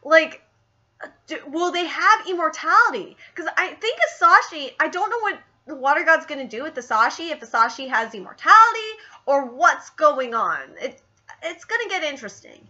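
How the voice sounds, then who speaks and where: A woman who is sick, streaming a casual live reaction and gushing excitedly as she reads along. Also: high-pitched, normal speed, highs cut off. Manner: gushing, excitable, squeals over scenes.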